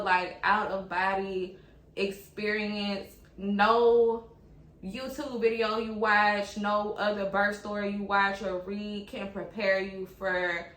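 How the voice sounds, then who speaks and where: A young woman speaks candidly and casually, chatting to her viewers like friends. Her voice sits at a middling pitch. The room around her rings with a noticeable echo. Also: fairly bright tone. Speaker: vlogger sharing her birth story. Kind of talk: casual personal storytelling to camera.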